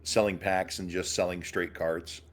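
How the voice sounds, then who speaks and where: A man with a very low voice chatting on a podcast, tossing out quick joking questions. A faint hum sits under his voice. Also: level tone. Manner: asks short probing questions, joking. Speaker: podcast co-host. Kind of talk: casual chat.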